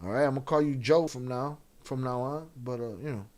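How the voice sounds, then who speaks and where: A man's voice: medium pitch, fairly quick, darkish tone. A man hosting a live stream, casually commenting and reading chat aloud in a blunt, profane way. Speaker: live-stream reaction host.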